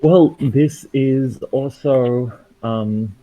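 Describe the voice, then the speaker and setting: A man playing in an online tabletop game, describing his character in a hesitant, halting way with many restarts. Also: medium pitch, mellow, faint music behind, low-quality recording. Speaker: player. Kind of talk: casual tabletop game chat.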